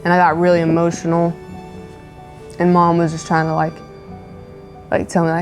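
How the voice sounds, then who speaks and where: A young woman speaks softly in a low, flat voice, hesitating and filling pauses with "like". She tells her story in a casual, personal way. Faint music plays underneath. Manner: soft, hesitant, many "like" fillers. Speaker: wife co-host of couple's channel.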